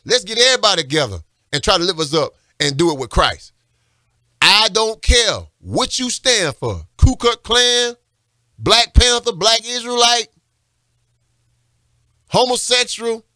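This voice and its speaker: A man's voice: sits high, animated, a little slow, long pauses, pushed and bright, no room sound, studio quality. A man, a radio pastor preaching fervently, repeating his calls with growing emphasis. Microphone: studio microphone.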